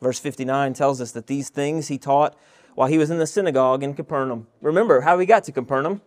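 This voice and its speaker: A man's voice: medium pitch, quick pace. A male pastor preaching an expository sermon, reading scripture verses aloud and asking the listeners rhetorical questions.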